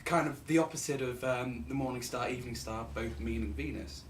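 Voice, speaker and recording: A man's voice: mid-range voice, fairly quick, a little hiss or hum. A young man casually explaining a philosophy idea on his vlog, playful and rambling, repeating words for effect.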